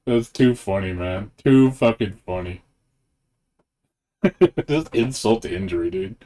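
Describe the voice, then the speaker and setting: A man's voice: lowish voice, animated, slow pace, warm tone. A man streaming games, chatting casually, swearing a lot and rambling through his thoughts. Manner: profane, laughing, rambling. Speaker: game streamer. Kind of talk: casual live-stream chat.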